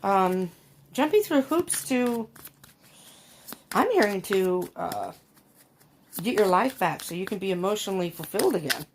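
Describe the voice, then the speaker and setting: A middle-aged woman talks through a tarot reading at an easy, chatty pace. She thinks aloud as she goes, fills pauses with ums and breaks into frequent small laughs. Her voice sits at an ordinary middle pitch. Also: sing-song, a little hiss or hum. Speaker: tarot reader. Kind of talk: casual tarot reading to camera.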